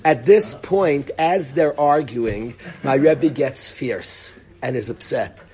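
A middle-aged man casually telling a personal story, acting out the dialogue and dropping to a hush for quoted lines. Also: medium pitch, takes it slowly. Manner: animated, acts out dialogue, drops to near-whisper for quoted lines. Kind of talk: casual spoken anecdote.

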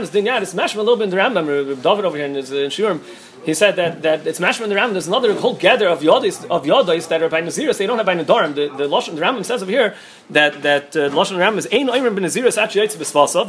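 Rapid-fire high-voiced rabbi teaching Talmud. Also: male voice, fairly bright tone. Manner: rapid, restarts often, mixes Hebrew-Aramaic terms. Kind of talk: quick Talmud study lecture.

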